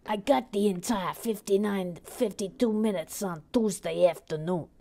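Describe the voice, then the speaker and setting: A woman hosting a livestream, chatting gently as she reads out viewer comments. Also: medium pitch, normal speed, vocal fry. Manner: gentle, warm-hearted and chatty. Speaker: livestream host building a brick set. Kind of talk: casual chat reading viewer comments.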